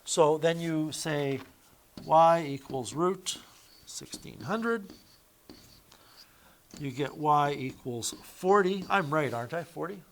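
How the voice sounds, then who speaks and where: A man with a slightly raised pitch teaches a math lesson in a classroom. He works through each step out loud and stops to fix his own slips. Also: takes it slowly, long pauses, slight background noise. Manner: explains step by step, correcting himself aloud. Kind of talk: classroom lecture.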